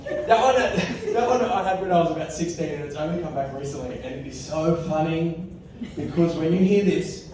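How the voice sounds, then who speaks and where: A man's voice: a little high, a little fast, heavy reverb, far from the mic, crowd noise, poor audio. A man in his thirties with an Australian accent, giving a comic keynote talk on stage, laughing often and acting out voices in his stories. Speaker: keynote speaker. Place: large hall with live audience.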